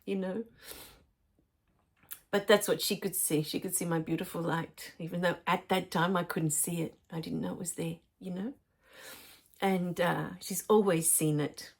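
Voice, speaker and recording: A middle-aged woman, telling spiritual stories in a soft, emotional way with many pauses and fillers. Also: lowish voice, vocal fry. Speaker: spiritual teacher. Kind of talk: personal spiritual storytelling.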